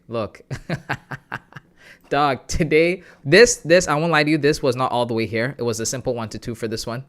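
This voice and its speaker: Excited young man hosting a livestream. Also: medium pitch. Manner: excited, reads out chat messages and greets viewers. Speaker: trading livestream host. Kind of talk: casual livestream chat.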